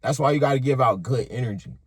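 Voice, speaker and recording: A man telling a story in a casual monologue, animated and profane, swinging between hushed and loud. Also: medium pitch, quick pace, slightly rough, dry recording. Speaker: motivational vlogger.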